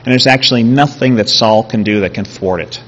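A man preaching a sermon, retelling a scripture story with animated, acted-out quotes. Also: medium pitch, fairly quick, highs cut off. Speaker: pastor.

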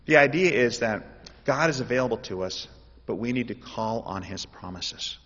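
Impassioned preacher in a reverberant hall. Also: male voice, mid-range voice, normal speed. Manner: animated, rising to loud impassioned pleas. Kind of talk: sermon. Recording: dull audio in a reverberant hall.

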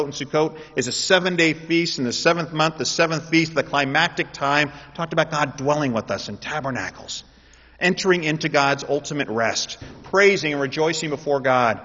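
A man preaching a sermon, shifting between explaining and loud, impassioned pleas. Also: fairly high pitch, normal speed. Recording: dull audio in a reverberant hall.

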